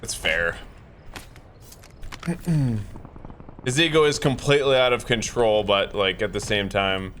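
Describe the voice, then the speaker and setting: A man's voice: fairly low pitch, slow pace, pauses often, a bit bright, slight background noise. Laid-back young man joking on a stream. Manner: laid-back, jokey, laughs often, says "bro". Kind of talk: casual gaming stream chat.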